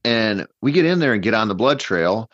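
A man with a fairly low voice tells a long story in a loose, rambling podcast chat. He is animated and talks with many fillers and restarts. His voice comes through a dull, dry mic with little room sound. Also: normal speed, no room sound. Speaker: podcast guest hunter.

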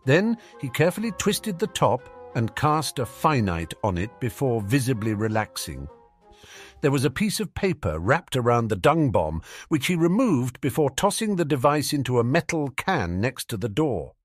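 A man narrating a fan fiction audiobook with an expressive reading. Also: mid-range voice, normal speed, faint music behind.

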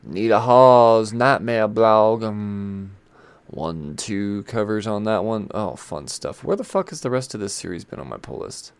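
Gravelly, rambling man chatting about comics. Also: lowish voice, big pitch swings, normal speed, a little mellow, no room sound. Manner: rambling and chatty, swears, many fillers. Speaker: comic book reviewer. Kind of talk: casual chat.

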